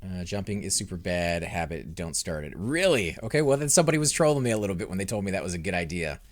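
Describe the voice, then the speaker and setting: Lowish-voiced man commentating a game. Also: fast talker, dry recording. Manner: excitable, reacts loudly to in-game fights, talks to chat. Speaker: gaming channel host. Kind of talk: let's play commentary.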